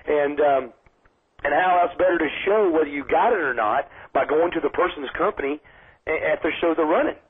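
Husky man over a phone line. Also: fairly high pitch, a little fast. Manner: animated, acts out quoted voices. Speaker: guest wrestler. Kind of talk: casual storytelling interview. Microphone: phone call into radio show.

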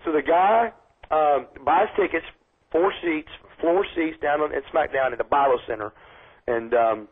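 A wrestler calls into a radio show by phone, telling a story casually during an interview and animatedly acting out the voices he quotes. His voice is a little high, slightly rough, and a little slow, over a tinny phone line.

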